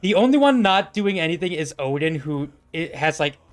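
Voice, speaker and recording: A man's voice: on the high side, expressive, moderate pace. A man narrating as the game master of a tabletop game, rambling and full of fillers.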